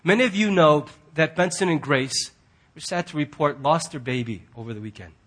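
A male pastor preaching a sermon earnestly, swinging from loud emphatic lines to hushed, quiet ones. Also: fairly high pitch, a little fast.

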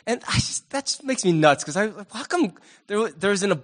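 A male pastor preaching a sermon in an animated, humorous, conversational way. He asks the audience questions and acts out quick voices. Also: high voice.

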